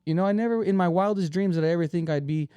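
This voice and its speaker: A man's voice: high-pitched, rapid-fire, mellow, smooth, no echo. A man talking in a casual podcast chat as the guest comedian, earnest and rambling, calling people "bro" and "man".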